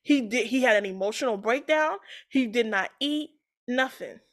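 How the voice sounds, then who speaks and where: A woman co-hosting a casual chat, retelling a story with lively acted-out quotes and frequent laughter. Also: a little high, normal speed. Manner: animated storytelling, acts out quoted voices, laughs often. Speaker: podcast co-host retelling a story.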